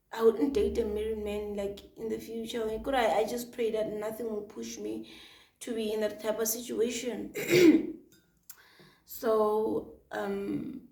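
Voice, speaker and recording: A young woman, telling a personal story in a chatty, expressive vlog full of fillers. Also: on the high side, recorded from a distance. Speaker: vlogger. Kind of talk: casual storytime chat. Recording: echoey room, voice off-mic.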